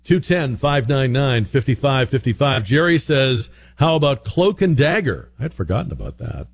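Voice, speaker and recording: A man's voice: mid-range voice, very animated, normal speed, creaky. A man hosting a radio call-in show, chatty and rambling, with plenty of ums and restarts. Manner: chatty, rambling, many fillers. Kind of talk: casual talk radio.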